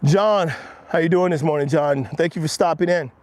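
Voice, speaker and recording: A man's voice: moderate pace, no room sound. A man hosting a motivational walk-and-talk live stream outdoors, coaching viewers earnestly and speaking straight to them. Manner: drops low and quiet when quoting himself.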